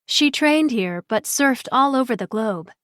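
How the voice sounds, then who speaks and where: A woman narrating a first-person audiobook in a warm, conversational storytelling manner. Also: on the high side, expressive, measured pace, dry recording, clean studio sound.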